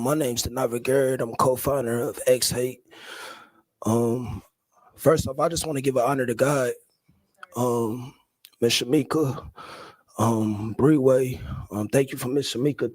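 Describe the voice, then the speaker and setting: A man in his thirties, an activist, giving an emotional public speech, halting and full of hesitations. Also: medium pitch, steady tone, darkish tone, no room sound, rough recording.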